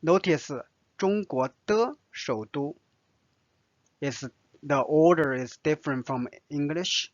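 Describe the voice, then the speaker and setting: A man's voice: fairly high pitch, slow pace, no room sound. A man with a Chinese accent, a native Chinese speaker, teaching vocabulary patiently, repeating each word with frequent fillers. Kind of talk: slow vocabulary lesson with repetition. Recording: dull, dry lo-fi sound.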